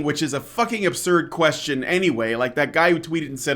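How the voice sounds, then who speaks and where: Male podcast host, higher-pitched voice, profane and exasperated, heated casual rant full of fillers and restarts. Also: expressive, fairly quick, hardly any pauses, bright, forceful tone.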